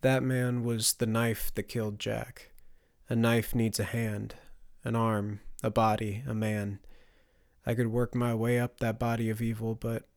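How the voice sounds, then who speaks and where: A man voicing a grim young male fugitive in a fantasy audiobook, speaking in a low, subdued, terse way. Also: monotone, measured pace, no echo, clean studio sound, lightly acted. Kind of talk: audiobook character voice.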